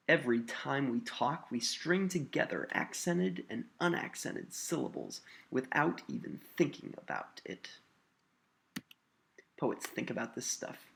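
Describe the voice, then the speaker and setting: A man's voice: mid-range voice, lively intonation, moderate pace, vocal fry, a bit bright. A man teaching a recorded lesson, explaining patiently and stressing syllables to demonstrate them.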